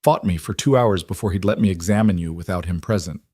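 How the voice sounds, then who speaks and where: A man voicing an older woman midwife who speaks with blunt, calm authority. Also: low voice, quick pace, slightly rough, dry recording, clean studio sound. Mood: blunt, firm. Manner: blunt, commanding.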